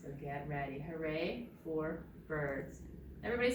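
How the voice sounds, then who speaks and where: A young woman runs a preschool storytime, her fairly high voice leaping with play. She talks slowly and gently, coaxing the children to join in. The sound is roomy and taken from a distance, with faint ambience behind. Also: big pitch swings, a little hiss or hum. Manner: sing-song, leads children in bird sounds and movements. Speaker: children's librarian. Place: library. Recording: echoey room, distant mic, faint ambience.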